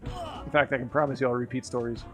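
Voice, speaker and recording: A man's voice: medium pitch, little pitch movement, fast, faint music behind. Rambling, profane streamer man from Wisconsin. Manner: rambling, profane nostalgic storytelling. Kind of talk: casual stream chat. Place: home garage with a green screen.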